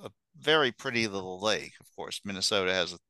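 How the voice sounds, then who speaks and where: A man who is a regular on a podcast, telling relaxed, rambling anecdotes in casual chat with some swearing. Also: low-pitched, fairly quick, no echo.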